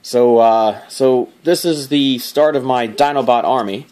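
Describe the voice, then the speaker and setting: A man's voice: mid-range voice, measured pace, a little mellow. A man hosting a casual toy review, rambling and joking, laughing often and swearing offhandedly.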